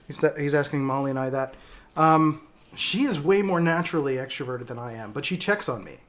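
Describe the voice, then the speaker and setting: A man's voice: a little high, animated, fairly quick, a bit bright. A man hosting a casual livestream, reading viewer comments and talking reflectively with frequent hesitations and fillers. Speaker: livestream host.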